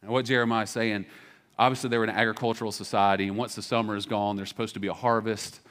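A man's voice: fairly low pitch, flat delivery, fast, a bit bright. A man, a pastor preaching a sermon in a church, talking in a candid, conversational way with many restarts and fillers. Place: church sanctuary.

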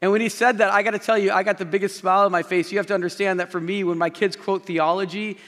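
A man's voice: high voice, steady tone, fast, a bit bright. A male pastor giving an emphatic sermon from the stage of a large church, repeating key phrases and speaking directly to the congregation. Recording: long reverb of a large hall.

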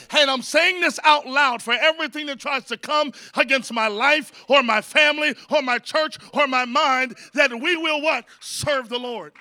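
A pastor delivers his sermon in a high, bright voice. He calls out to the congregation to answer him and to repeat his words back. The sound is dry and close. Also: moderate pace, hardly any pauses, no room sound. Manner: energetic preaching, call-and-response with the congregation; jokey asides to the crowd.

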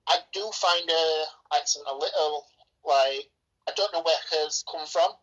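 A woman's voice: low voice, unhurried, a bit bright, dull audio. An Englishwoman chatting bluntly and enthusiastically about a film, swearing freely. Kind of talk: casual film review chat.

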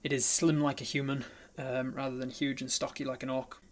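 A man's voice: medium pitch, little pitch movement, brisk. A man narrating a tabletop role-playing game as game master, describing the scene with frequent ums and uhs.

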